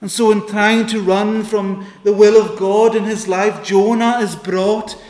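Slow, echoey preaching man. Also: sits high, fairly even intonation, a little mellow. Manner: earnest, pleading, with dramatic pauses and quoted prayers. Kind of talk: sermon.

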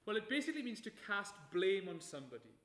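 A man preaching a sermon, measured and emphatic, slowing down to stress key phrases. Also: high-pitched, sing-song, a bit bright, reverberant.

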